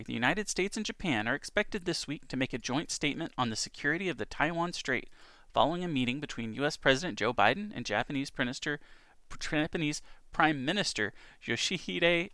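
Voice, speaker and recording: A man with a gravelly, crisp voice hosts a homemade news show. He reads world headlines in a relaxed, chatty way and stops for asides. The sound is dry and close. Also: medium pitch, dry recording. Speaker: podcast news host. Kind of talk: casual news reading and commentary. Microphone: home recording setup.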